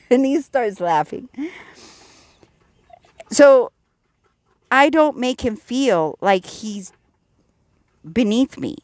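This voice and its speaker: A woman sharing a personal faith testimony in an earnest, animated storytelling way, dropping low and soft at serious moments. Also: very slow, long pauses, no room sound. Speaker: Christian vlogger sharing testimony.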